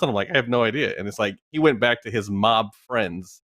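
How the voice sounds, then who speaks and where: Male co-host, rapid chatty storyteller, dry close sound. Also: medium pitch, a bit bright, no room sound. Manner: fast, chatty, lots of "like". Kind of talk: casual chat, storytelling.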